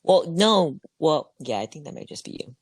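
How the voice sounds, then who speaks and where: A man co-hosting a podcast in casual chat, blunt and quick to disagree. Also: on the high side, very animated, slightly rough, no echo. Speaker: podcast co-host.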